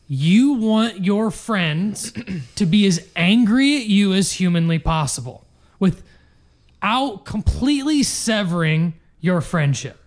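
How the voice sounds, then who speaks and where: A man co-hosting a podcast in casual chat, blunt and exasperated, swearing often. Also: sits high. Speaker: podcast co-host.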